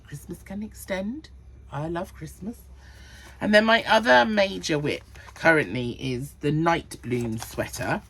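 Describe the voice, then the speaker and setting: A woman's voice: sits low, lively intonation, measured pace, fairly bright tone, slight background noise. A woman hosting a knitting podcast, chatting casually about her projects and counting rows and sizes under her breath. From Cornwall. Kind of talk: casual chat.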